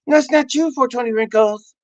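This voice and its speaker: A man voicing a whiny wife complaining about her husband to a therapist, in a high put-on voice. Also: normal speed, no room sound.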